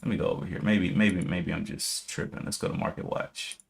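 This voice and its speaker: A man's voice: sits low, steady tone, brisk, vocal fry. A man streaming live day trading, casually thinking aloud, reading out viewer comments and correcting himself as he checks charts.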